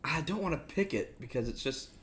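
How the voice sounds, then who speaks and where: A man's voice: a little high, animated, a little fast, a bit bright. A man co-hosting a podcast in casual banter, laid-back and laughing, often stumped for an answer. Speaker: podcast co-host.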